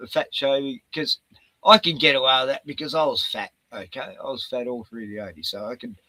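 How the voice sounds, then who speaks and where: A man's voice: mid-range voice, sharp tone, dry recording, low-quality recording. A middle-aged Australian man streaming from home, rambling in a profane, chatty way, laughing often and cooing at his dog. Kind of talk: rambling casual monologue.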